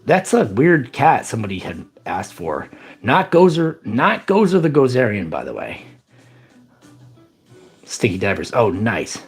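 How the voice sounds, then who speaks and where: A man's voice: medium pitch, wildly swooping pitch, unhurried, breathy edge, soft background music. A man casually chatting on his live stream, rambling upbeat as he reads out chat.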